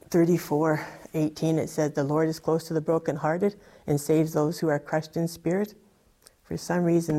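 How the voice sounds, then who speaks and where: A woman's voice: deep voice, warm tone. A woman telling her personal testimony in a conversational way, full of fillers like "like" and "you know". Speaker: guest giving a testimony.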